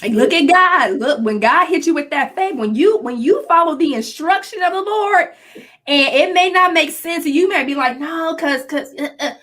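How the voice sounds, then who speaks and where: A woman with a high voice hosts a faith talk show. She answers her guest with short, affirming, preachy remarks. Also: lively intonation, normal speed, fairly bright tone.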